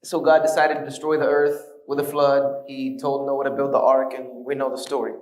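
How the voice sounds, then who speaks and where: A man's voice: mid-range voice, monotone, normal speed, darkish tone, roomy sound, distant mic, low-quality recording. A man giving a conversational lecture, telling his story with earnest storytelling and wry humor.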